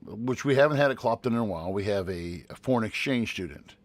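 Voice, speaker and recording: A man's voice: lowish voice, lively intonation, fast. A man co-hosting a casual podcast who works as a teacher, rambling and restarting as he reads out numbers. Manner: rambling, with many restarts while reading out figures.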